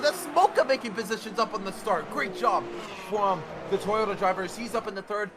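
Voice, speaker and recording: A man calls a racing game event in a high, energetic voice, jumping into excited bursts as the action unfolds. His commentary sits over a noisy stream mix with clear engine sound from the game running behind him. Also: brisk. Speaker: race commentator.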